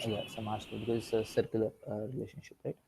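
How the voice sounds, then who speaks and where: A man's voice: on the low side, flat delivery, fast, gravelly, darkish tone, slight background noise. A male instructor giving an online revision lecture, asking himself rhetorical questions and tagging lines with "right?".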